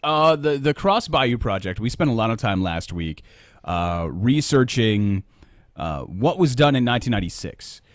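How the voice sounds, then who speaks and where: A man's voice: mid-range voice, very animated, moderate pace, dry recording, studio quality. A male radio co-host making wry asides and explaining research in casual chat on air. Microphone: studio microphone.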